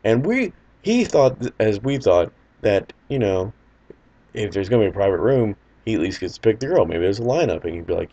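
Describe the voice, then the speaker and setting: Low-voiced man telling a rambling anecdote. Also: big pitch swings, a little fast, dark tone, highs cut off. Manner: loose, rambling, wry storytelling. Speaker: storyteller. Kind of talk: casual personal anecdote.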